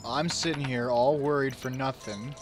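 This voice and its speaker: A young man commentating his game, swinging from shouted orders and mock-royal speeches to low muttering. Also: fairly even intonation, moderate pace, faint music behind. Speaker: gamer. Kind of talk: let's play commentary.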